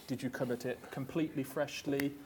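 A man chairs a panel on a theatre stage, polite and a little halting, leaning on fillers. His pitch sits mid-range. A faint hiss runs under the voice. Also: steady tone, darkish tone. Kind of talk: hosting a stage talk. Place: theatre stage before an audience.

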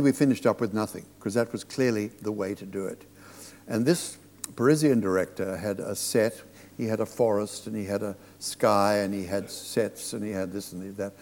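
A man, a theatre director, telling anecdotes to an audience, halting and restarting as he goes. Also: on the low side, darkish tone. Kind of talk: storytelling on stage. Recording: long reverb of a hall.

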